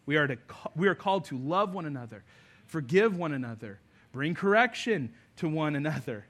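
Bright, high-voiced pastor preaching. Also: male voice, animated, moderate pace. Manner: conversational, earnest preaching with light humor. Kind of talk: sermon. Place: church service before a congregation.

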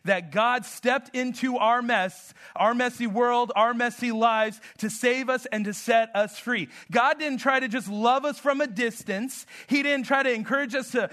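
A man preaching a sermon, telling family stories with humor and a slow, emphatic delivery. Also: extremely high pitch, fairly even intonation, pushed and bright. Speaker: pastor.

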